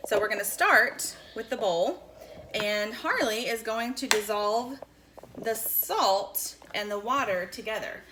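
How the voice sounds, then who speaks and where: A bright, fairly high-voiced mother walks young viewers through a home kitchen project with cheerful patience. Her voice rings around a hard, echoey kitchen, and steady background noise sits clearly under it. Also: slow. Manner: cheerful, patient step-by-step instructions. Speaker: mother hosting a kids' science video. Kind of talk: casual instructional chat to kids.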